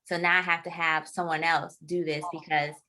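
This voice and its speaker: A woman author being interviewed in a casual chat, a lively storyteller who laughs often. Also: low voice, normal speed. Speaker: author guest.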